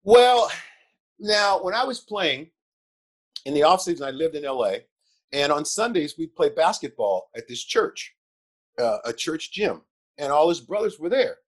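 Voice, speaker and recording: An older man, a guest in an interview, telling animated anecdotes with chuckles and repeated words. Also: fairly high pitch, measured pace. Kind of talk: animated storytelling.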